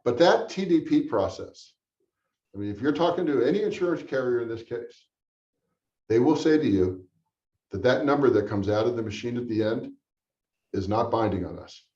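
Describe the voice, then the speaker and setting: A man's voice: mid-range voice, lively intonation, moderate pace, pauses often, a little mellow. A man answering questions at a town hall in a blunt, sarcastic manner. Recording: roomy, distant, dull sound.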